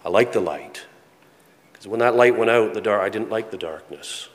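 A man preaching a sermon in earnest tones, often repeating words and dropping to a soft, hushed voice. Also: lowish voice, moderate pace. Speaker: pastor. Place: church sanctuary with a congregation. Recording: long reverb of a large hall.

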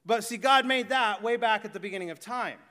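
A man delivers a sermon in a high, bright voice that carries a long reverb through a large church hall. He moves between eager, animated talk and quiet, slowed-down reverence. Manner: swings from excited, animated talk to hushed, slow reverent delivery. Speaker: pastor.

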